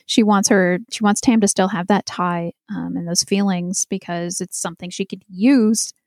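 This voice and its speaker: A woman co-hosts a casual podcast, recapping an episode in a chatty, animated way and laughing often. Her voice sits at an ordinary middle pitch. The recording is dry and close. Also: moderate pace, no room sound. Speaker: podcast co-host.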